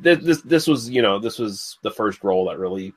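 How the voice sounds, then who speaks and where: A man's voice: lowish voice, lively intonation, fairly quick, breathy edge. A man co-hosting a casual podcast, joking and laughing often as he talks. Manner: laughing, slips into silly put-on voices. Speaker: podcast co-host.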